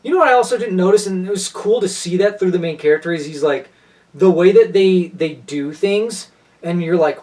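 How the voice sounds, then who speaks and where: A man's voice: high voice, a little fast, a little mellow, distant mic. A man co-hosting a casual podcast chat, gushing with enthusiasm and rambling through restarts. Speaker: podcast co-host.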